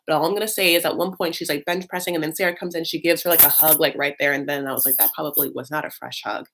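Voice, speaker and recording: A woman's voice: low-pitched, fairly even intonation, very fast, fairly bright tone, slight background noise. A woman giving a sassy, gossipy recap of a reality TV episode, full of "like" and "honey". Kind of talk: casual recap commentary.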